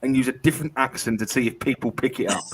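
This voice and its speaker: A boisterous man with a husky voice, joking and swearing in a casual chat. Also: mid-range voice, fast. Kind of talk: casual chat on a live stream.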